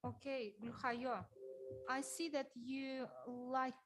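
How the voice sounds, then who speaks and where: A woman's voice: high-pitched, level tone, slow, background noise. A woman teacher trainer with an Uzbek accent questions participants and gives feedback, rephrasing in Uzbek. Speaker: teacher trainer leading the session.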